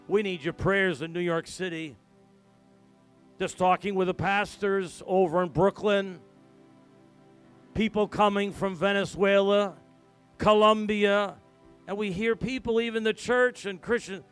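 Man pastor preaching a story, higher voice, goes quiet then gets loud, bit of music underneath. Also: measured pace, smooth. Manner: storytelling, swings from hushed to loud and emphatic. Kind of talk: sermon.

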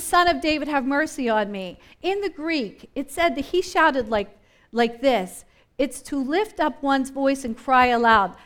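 A woman with a high voice leads a Bible study in a chatty, thinking-aloud way. She brings each scene to life, acting it out as she goes and asking her listeners questions. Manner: animated, acts out scenes and voices from the story. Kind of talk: conversational Bible teaching.

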